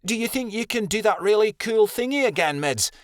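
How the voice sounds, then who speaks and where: A man voicing a small, innocent and excitable female wolf in an audiobook. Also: high voice, fairly quick, no room sound, clean studio sound, pitched above the performer's own voice. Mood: excited. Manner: innocent, chirpy. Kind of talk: audiobook character voice.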